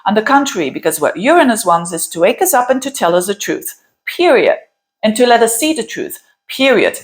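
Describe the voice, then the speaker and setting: A woman from Belgium, an astrologer, talking through a forecast in a casual, animated way, often restarting and repeating phrases for emphasis. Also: medium pitch, brisk. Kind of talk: casual explanatory monologue.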